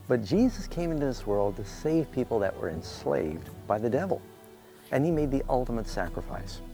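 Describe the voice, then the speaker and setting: Man, earnest preacher, lively pitch, music underneath. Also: rough recording. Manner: earnest, quotes scripture, appeals to listeners. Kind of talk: devotional sermon segment. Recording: music bed behind.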